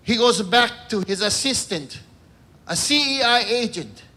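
A man doing stand-up in the persona of a cardinal, telling jokes slowly and deliberately and pausing before punchlines. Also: very high voice, expressive, bright, forceful tone. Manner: slow, deliberate joke delivery with punchline pauses.

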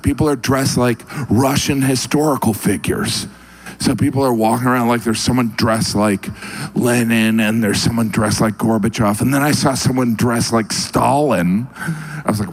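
A man performing a stand-up comedy routine on stage in a wry, deadpan storytelling manner. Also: slight background noise. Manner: wry, deadpan storytelling with sudden high-pitched asides.

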